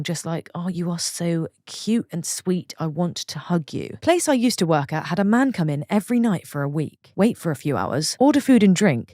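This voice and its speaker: A woman with a lively voice that swoops up and down and sits a little low, reading online stories and breaking off to react to them. The sound is dry and close, with no room around it. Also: dry recording. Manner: expressive, reacting aloud between stories. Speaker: story narrator.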